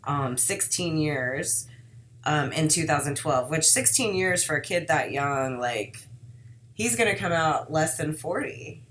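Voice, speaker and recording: A woman's voice: low voice, lively intonation, a little slow, fairly bright tone, slight background noise. A woman hosting a podcast, chatting casually and animatedly, with plenty of swearing and acted-out quotes. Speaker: podcast host. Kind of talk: casual true-crime chat.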